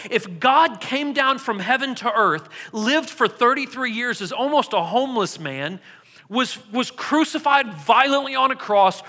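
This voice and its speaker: A man preaching a sermon in a casual, animated storytelling way. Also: very high-pitched. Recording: long hall reverb.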